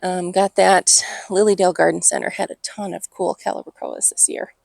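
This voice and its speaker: A woman's voice: fairly low pitch, flat delivery, normal speed, creaky, darkish tone, dry recording. A woman with an Upper Midwest American accent gives a casual walking tour of her outdoor patio garden, filming on a handheld phone and muttering asides under her breath. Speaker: garden vlogger.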